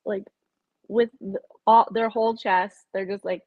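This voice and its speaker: A woman's voice: medium pitch, steady tone, a little slow, no room sound, dull audio. A woman hosting a casual live-stream chat, gossiping candidly and sometimes dropping to a whisper.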